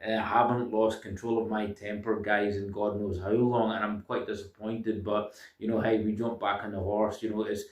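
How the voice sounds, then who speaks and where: This man's voice sits on the low side, flat and at a moderate pace, picked up by a distant mic in an echoey room. Talking casually to camera, he pushes self-improvement advice on his viewers in a lecturing tone, filling gaps with ums and uhs and repeating "guys" constantly.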